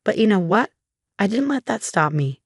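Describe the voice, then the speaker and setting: A woman giving a scripted first-person story narration in a smooth, steady reading voice. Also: mid-range voice, normal speed, no echo, clean studio sound.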